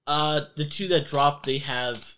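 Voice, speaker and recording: A man's voice: a little high, slow pace, pushed and bright, a little hiss or hum. A man running a tabletop game as game master, joking loosely and laughing often. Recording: group chatter and laughter behind.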